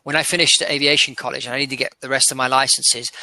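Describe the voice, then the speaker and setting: A man's voice: mid-range voice, level tone, fast talker, pushed and bright, no room sound. A man with an English accent chatting casually as an interview guest, thinking aloud and restarting his sentences. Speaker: interview guest, aircraft dealer. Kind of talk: casual chat.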